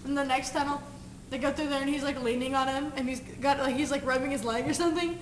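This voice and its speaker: A woman's voice: high-pitched, fairly even intonation, fast talker, far from the mic. A young woman casually retelling a movie scene to friends, rambling with lots of "like" and frequent giggles. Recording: echoey room with noise.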